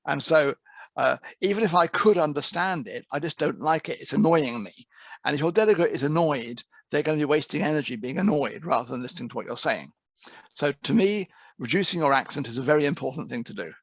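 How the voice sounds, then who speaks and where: Man, course head lecturing trainees, gravelly, slightly higher voice, dry close sound, chatty with restarts. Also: expressive, fairly quick, a bit bright, no echo. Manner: conversational, repeats words when restarting. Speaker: interpreting course head and teacher. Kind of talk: online presentation to trainee interpreters.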